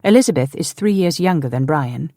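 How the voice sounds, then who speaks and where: A woman voicing a cold, commanding English lord who speaks in curt, hushed orders. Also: low-pitched, animated, a little fast, no room sound, studio quality.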